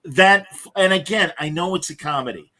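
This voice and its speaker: A man's voice: fairly high pitch, normal speed, bright, forceful tone, low-quality recording. A man co-hosting a podcast, rambling enthusiastically through a fan critique in casual chat. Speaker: podcast co-host.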